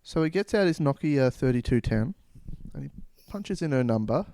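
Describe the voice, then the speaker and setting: A man's voice: mid-range voice, lively intonation, mellow. A man, co-hosting a comedy podcast and improvising a story, playfully slipping into character voices. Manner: playful, acts out characters with quick voice changes. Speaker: podcast co-host.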